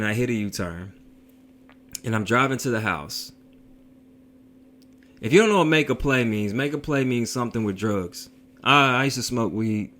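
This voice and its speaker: A man telling a story in a casual vlog, in a slangy, profane, animated way. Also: fairly low pitch.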